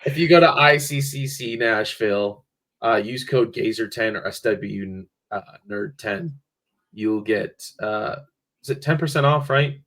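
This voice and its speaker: A man's voice: mid-range voice, unhurried, a bit bright. Easygoing man chatting on a podcast. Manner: easygoing, rambling, many fillers. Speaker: podcast co-host. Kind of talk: casual chat.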